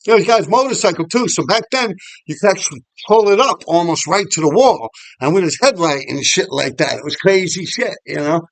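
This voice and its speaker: His voice is high-pitched, expressive and a little fast, with vocal fry and no echo. The man, a middle-aged New York City graffiti writer and vlogger, rambles profanely through old graffiti stories on an outdoor walking path, laughing often in casual storytelling.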